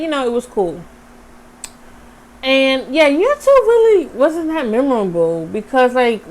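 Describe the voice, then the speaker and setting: A young woman vlogger telling a casual, animated story straight to her viewers. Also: medium pitch, slight background noise. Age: young adult.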